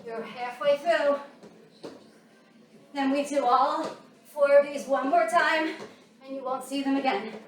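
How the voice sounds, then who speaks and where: A high-voiced woman leads a workout while exercising alongside, out of breath as she counts down intervals and cues each move in an unhurried way. She sounds distant in a very echoey room, with music running underneath. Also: fairly even intonation, a little hiss or hum. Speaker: fitness instructor.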